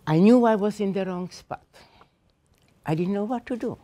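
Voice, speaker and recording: In a seminar room, a woman in her eighties who survived the Holocaust tells teachers her personal story with emotion and emphasis. Her voice is mellow and medium-pitched, and she speaks at a normal speed.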